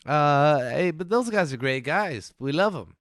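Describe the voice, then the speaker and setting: A man co-hosting a casual podcast, talking in a lively way, swearing and laughing often. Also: fairly high pitch, unhurried, dry recording, studio quality. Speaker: podcast co-host.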